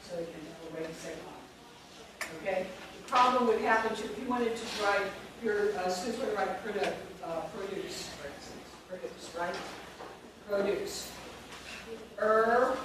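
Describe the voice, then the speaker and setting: A woman with a medium-pitched voice and a moderate pace leads a phonics workshop for teachers, quizzing the group and drilling sounds and syllables. Noise, echo from the room, and a distant mic mark the recording.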